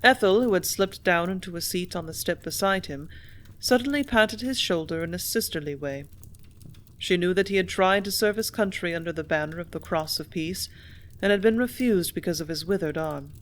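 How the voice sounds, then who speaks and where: A woman narrating an audiobook in a steady, even storytelling manner. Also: lowish voice, normal speed. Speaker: audiobook reader.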